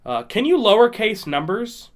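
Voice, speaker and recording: A man's voice: high voice, sing-song, moderate pace. A man co-hosting a casual podcast, rambling with many restarts. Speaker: podcast co-host. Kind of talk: casual chat.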